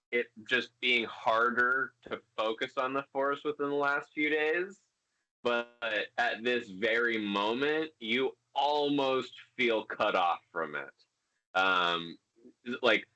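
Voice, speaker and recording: A man's voice: mid-range voice, pushed and bright. A young man narrating as game master of a tabletop game, loose and full of fillers. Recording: dull lo-fi home recording.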